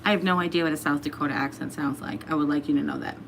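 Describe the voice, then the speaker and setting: A woman hosts a casual livestream from her home, chatting easily and reading viewer comments aloud. Her voice sits a little low and she laughs often. A faint background hum runs under her talk. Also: fairly even intonation, very fast, gravelly. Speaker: livestream host.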